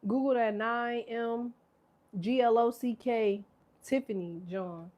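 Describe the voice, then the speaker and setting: A woman's voice: fairly high pitch, fairly even intonation, takes it slowly, a little mellow, a little hiss or hum. A woman in her thirties giving a casual tarot reading, rambling, profane and laughing often. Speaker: tarot reader. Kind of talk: casual live tarot chat.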